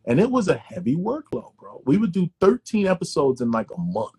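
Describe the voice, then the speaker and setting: Actor guest, male, quick and husky, slightly high voice, lively profane storyteller. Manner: animated, profane, repeats words. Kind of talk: casual interview storytelling.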